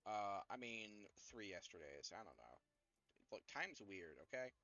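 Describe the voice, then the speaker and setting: A man puts on a shifty stranger stuck inside a coffin, evasive and chummy, pleading to be let out of the tomb. His voice is bright and sharp, swinging up and down, on a dull, dry, lo-fi recording. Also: lowish voice, very animated, unhurried, no echo, full character voice. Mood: wheedling. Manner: wheedling, evasive, overly friendly.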